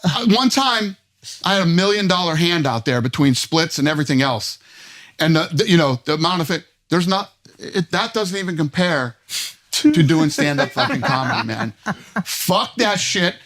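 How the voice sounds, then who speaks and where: A middle-aged man telling stories as a guest in a casual chat, animated and swearing constantly. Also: fairly high pitch, normal speed. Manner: animated storytelling, heavy swearing. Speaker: podcast guest.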